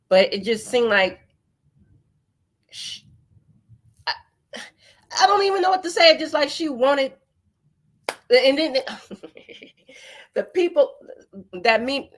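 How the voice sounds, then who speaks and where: A woman hosting a livestream, ranting bluntly and profanely in a rambling way. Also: medium pitch. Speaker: host. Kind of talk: heated livestream commentary.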